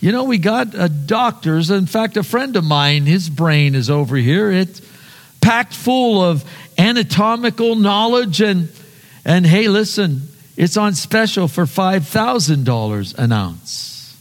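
Man putting on a pushy salesman doctor, high-pitched, hushed asides, reverberant hall. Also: animated, measured pace. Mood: salesy. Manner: pushy sales patter, drops to a hush for secrets. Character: fast-talking male doctor selling brains like a salesman.

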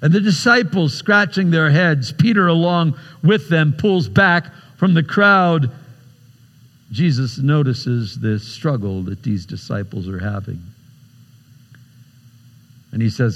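A man preaching a sermon, retelling a scripture story dramatically with big swings in pitch and loudness. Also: slow pace, in a large hall, highs cut off.

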